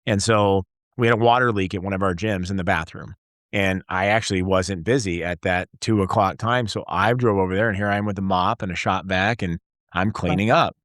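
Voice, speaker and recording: A man in his forties, a guest entrepreneur, telling stories in a casual interview and acting out bits of dialogue with lively energy. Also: sits low, fairly quick, no room sound, studio quality. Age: 40s. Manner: energetic storyteller, acts out dialogue.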